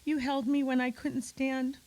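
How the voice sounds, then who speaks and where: A woman's voice: high-pitched, flat delivery, measured pace, darkish tone, poor audio. A woman giving an emotional, effusive eulogy at a memorial gathering, speaking straight to friends in the room.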